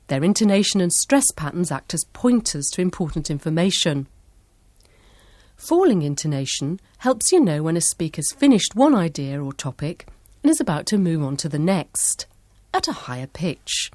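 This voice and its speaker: Measured woman narrating a listening lesson. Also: deep voice, sing-song, darkish tone, no room sound. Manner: clear, measured, instructive. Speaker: course narrator. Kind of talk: scripted educational narration.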